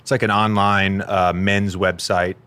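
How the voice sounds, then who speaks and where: A man's voice: low-pitched, unhurried, smooth. A man in his thirties hosting a podcast, chatting casually and telling stories. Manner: storytelling, animated when quoting his toddler. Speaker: podcast host.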